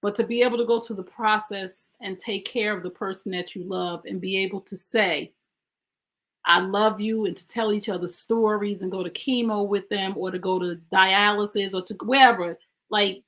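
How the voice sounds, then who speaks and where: A woman's voice: mid-range voice, fairly bright tone. Woman, podcast host, emphatic, conversational, personal storytelling. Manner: emphatic, conversational, speaking straight to listeners.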